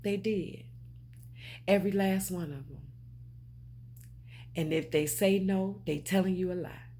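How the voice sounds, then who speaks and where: A woman's voice: fairly low pitch, unhurried, mellow, breathy edge. A woman talking straight to her viewers, emphatic and preachy, repeating her points and calling them babe and honey. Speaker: spiritual vlogger. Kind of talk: direct-to-camera talk.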